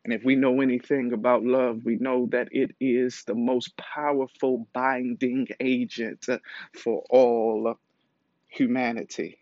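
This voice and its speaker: A man preaching a sermon with measured, emphatic repetition and frequent pauses and fillers. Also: mid-range voice, flat delivery, darkish tone, no echo, dull audio.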